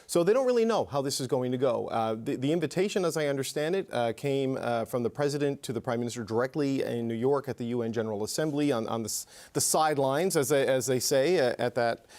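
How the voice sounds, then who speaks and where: A man's voice: mid-range voice, lively intonation, fast talker, few pauses, darkish tone. A man, a TV political host, giving live news analysis in a thoughtful way, with frequent restarts and fillers.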